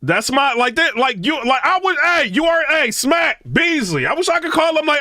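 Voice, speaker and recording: A middle-aged man gives casual reaction commentary. His voice sits high and swings widely in pitch, with a bright, sharp edge. The recording is dry and close. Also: normal speed, no room sound. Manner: animated, chatty, repeats "you know what I'm saying".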